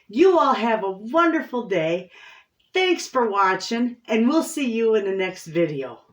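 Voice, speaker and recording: A woman's voice: a little high, reverberant. A woman hosting a homestead baking vlog, chatting casually and talking straight to her viewers from her kitchen. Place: home kitchen.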